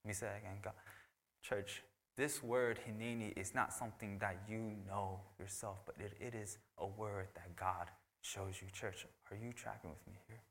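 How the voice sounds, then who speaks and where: A man, a pastor preaching a sermon, who moves between loud, emphatic lines and hushed, whispered ones. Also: on the low side, fairly even intonation, normal speed. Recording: long hall reverb.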